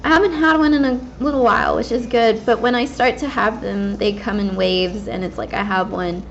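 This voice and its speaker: A woman's voice: fairly high pitch, fairly even intonation, a little fast. A woman in her twenties talking candidly and casually while she plays a game, rambling with many fillers. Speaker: gaming vlogger. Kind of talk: casual personal talk while gaming. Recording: slightly dull lo-fi mic with faint background hiss.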